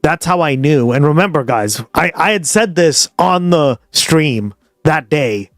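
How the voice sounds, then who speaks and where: This livestream host is a Boston-area man with a Boston accent whose fairly high-pitched, animated voice moves a little slowly. He chats rambling and profane, addressing viewers directly. The sound is clean studio quality with no echo.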